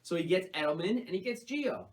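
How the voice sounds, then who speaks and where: Man, host, high voice, casual sports recap, upbeat, chatty banter. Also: expressive, fairly quick, slight background noise, rough recording.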